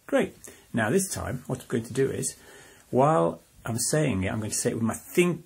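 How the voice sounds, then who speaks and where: A man giving a playful home music lesson to a young child, talking in a bright, encouraging, sing-song way. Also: mid-range voice, sing-song, moderate pace, gravelly, husky. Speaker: parent teaching music to a child.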